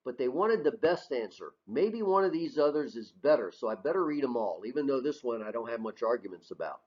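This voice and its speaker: A man teaching a recorded lesson, voice at an average pitch. He talks in a casual, conversational way, posing questions and then answering them himself. The audio is muffled and lo-fi. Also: sing-song, a little fast. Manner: conversational, asks and answers his own questions, frequent "right?". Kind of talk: recorded classroom lecture over slides. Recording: dull lo-fi audio.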